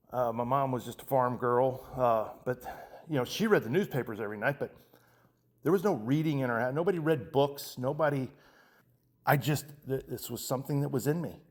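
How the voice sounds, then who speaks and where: A man's voice: mid-range voice, moderate pace. A man in his fifties hosting a show, talking in an impassioned, emphatic monologue that often restarts its sentences. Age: 50s. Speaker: show host. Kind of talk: monologue commentary.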